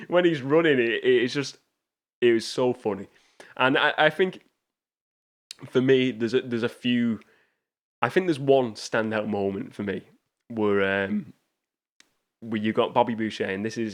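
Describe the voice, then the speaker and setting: A man hosting a casual film review show, talking enthusiastically with frequent restarts and rambling asides. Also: medium pitch. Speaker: movie show host.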